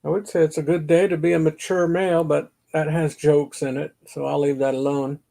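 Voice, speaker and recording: Middle-aged male vlogger, slightly high gravelly voice, slow and rambling, self-mocking asides. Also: little pitch movement, warm tone. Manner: rambling, self-deprecating, mutters to himself. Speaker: YouTube channel host. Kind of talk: casual chat to camera. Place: home basement.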